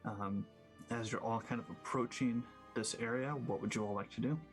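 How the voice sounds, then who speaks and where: A man narrating as game master, relaxed and loose. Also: mid-range voice, normal speed, faint music behind.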